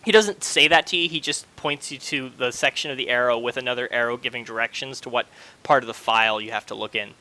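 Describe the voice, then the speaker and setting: A man's voice: mid-range voice, fast, pushed and bright. A young man narrating as game master, stumbling through many fillers and restarts.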